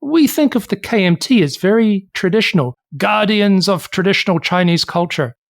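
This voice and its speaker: A podcast co-host tells history in a steady, explanatory way. The voice sits at a middling pitch. It is recorded close and dry, with no room echo. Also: moderate pace, gravelly. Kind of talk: casual history podcast chat.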